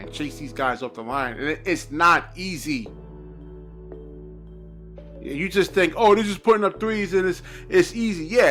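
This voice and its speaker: A man's voice: on the high side, fairly bright tone. A man commentating on basketball in an exasperated, repetitive reaction rant, often tacking on "man".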